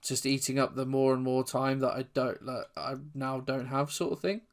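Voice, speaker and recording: A man's voice: medium pitch, moderate pace. Chatty man commentating his football game. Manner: chatty, rambling, bursts into excited goal shouts. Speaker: gaming YouTuber. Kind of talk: casual gameplay commentary.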